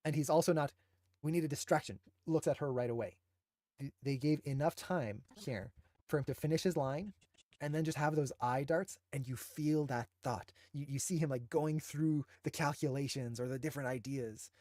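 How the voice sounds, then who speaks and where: A man's voice: medium pitch, moderate pace, dark tone, dry recording, studio quality. A man who teaches animation, enthusiastically breaking down shots with emphatic, admiring commentary.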